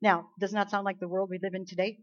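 Woman preaching to a congregation, animated, goes quiet then punchy, kinda dull lo-fi sound. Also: medium pitch, fast talker. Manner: animated, swings from hushed to emphatic. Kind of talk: sermon.

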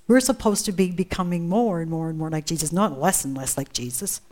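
A woman's voice: on the low side, fairly quick, hardly any pauses, darkish tone. A woman preaching a sermon, earnest and emphatic, often asking rhetorical questions.

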